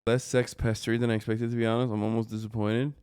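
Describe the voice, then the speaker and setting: A male streamer reacting live, blunt and profane, with a heavy dose of sarcasm. His voice is smooth and clear, recorded dry and close. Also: medium pitch, level tone, quick pace, darkish tone, no echo. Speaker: streamer host.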